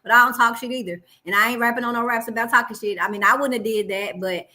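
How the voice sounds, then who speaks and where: A woman's voice: fairly high pitch, steady tone, fast, pushed and bright. A woman co-hosting a casual talk show, speaking bluntly and emphatically in slang. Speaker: podcast co-host. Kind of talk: casual chat.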